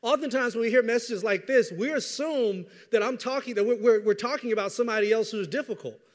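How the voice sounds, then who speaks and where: High-voiced preacher in a reverberant hall. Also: male voice, fairly quick. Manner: lively, conversational preaching with repetitions and asides. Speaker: pastor. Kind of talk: sermon.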